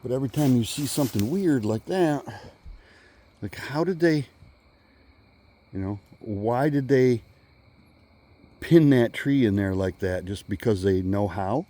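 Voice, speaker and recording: A man vlogging on a walk through the woods, musing in halting speech and now and then calling out loudly. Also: medium pitch, expressive. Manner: musing, halting, with sudden loud call-outs. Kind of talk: rambling walk-and-talk vlog. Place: outdoors in woods.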